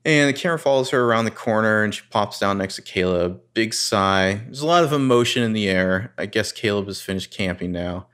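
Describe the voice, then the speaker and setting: A man co-hosting a casual podcast, retelling a TV scene and acting out lines with lively rises. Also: lowish voice, a little fast, few pauses, smooth. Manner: narrates scenes and reads dialogue with animated rises. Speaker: podcast co-host recapping a TV episode. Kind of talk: casual chat.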